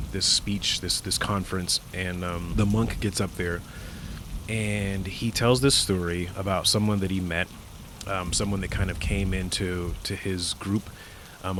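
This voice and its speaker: A man's voice: deep voice, fairly bright tone, a little hiss or hum. A man hosting a podcast, talking in a casual, reflective monologue that rambles with many fillers and restarts. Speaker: podcast host.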